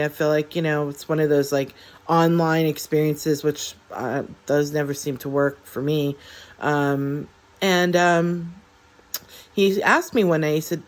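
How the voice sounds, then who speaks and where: Low-voiced woman telling a personal story. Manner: halting, heartfelt, with many fillers and restarts. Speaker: vlogger.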